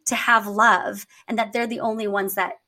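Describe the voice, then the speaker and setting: A woman's voice: medium pitch, flat delivery, moderate pace, pushed and bright. A woman speaking candidly in a podcast conversation, telling personal stories in an earnest way. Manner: earnest, storytelling, acts out quotes.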